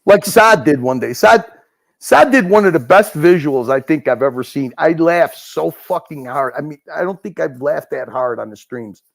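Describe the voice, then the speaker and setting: Gravelly animated Chicago man. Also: on the high side, moderate pace. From Chicago North Side. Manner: animated, swears a lot, stumbling restarts. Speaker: livestream regular. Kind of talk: casual profane banter.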